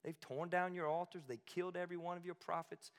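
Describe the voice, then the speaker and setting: A man's voice: sits high, flat delivery, fast, smooth, big-room sound, pitched above the performer's own voice. A preacher acting out a self-pitying male prophet who complains with aggrieved self-righteousness.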